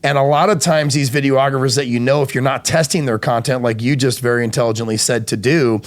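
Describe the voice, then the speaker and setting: A man's voice: medium pitch, steady tone, fast. A man hosting a podcast, telling stories in casual chat with lots of swearing and acted-out quotes. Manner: profane, storytelling, acts out quoted voices. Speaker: podcast host.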